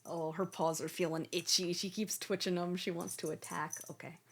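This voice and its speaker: A woman's voice: on the low side, fairly even intonation, moderate pace, breathy edge. A young woman streamer chatting casually with her viewers and cooing baby-talk at her cat.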